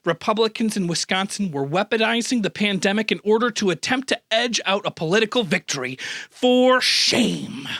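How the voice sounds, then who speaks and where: A man's voice: high voice, expressive, quick pace, few pauses, a bit bright, no room sound, studio quality. A man from the Midwest hosting a comedic news roundup, sarcastic and full of mock-outraged asides. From American Midwest. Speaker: news host.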